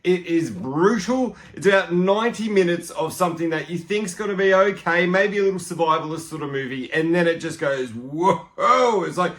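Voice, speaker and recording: A young man hosting a podcast, chatting excitedly through a casual film review and acting out lines from it. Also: high voice, moderate pace, hardly any pauses.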